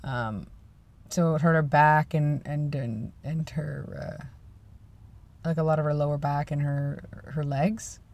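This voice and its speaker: A man's voice: on the high side, fairly even intonation, slow pace, darkish tone. A young man in his twenties, vlogging casually in a rambling, self-deprecating way. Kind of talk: casual vlog chat.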